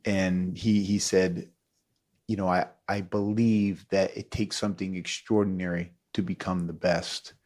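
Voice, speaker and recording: A middle-aged man with a low voice and a measured pace hosts a podcast, sharing stories in a casual chat. He's animated, acts out quotes, and laughs often.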